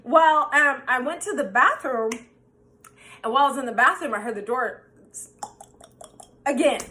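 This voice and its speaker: A woman telling a wild personal story in a casual, animated, profane way, acting out what everyone said. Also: high-pitched, normal speed, slight background noise. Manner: animated, profane, quoting herself.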